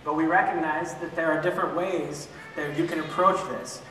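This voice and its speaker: A man's voice: a little high, fairly even intonation, normal speed, bright, forceful tone. A man teaching an adult church class, asking questions and answering them himself, with joking asides. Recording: echoey hall from far off, faint room noise.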